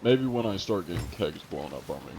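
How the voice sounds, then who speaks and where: A male game streamer with a low, deep voice, talking loosely and chatting with his viewers. He reads chat messages aloud, laughs easily and thanks people as he plays. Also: very animated, a little fast, vocal fry, background noise. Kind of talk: casual live-stream chat.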